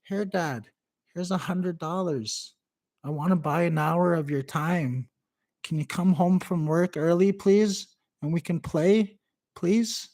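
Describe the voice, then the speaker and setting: A man's voice: slow pace, darkish tone. A man voicing an earnest little boy who pleads with his father. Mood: pleading. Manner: pleading, raised pitch.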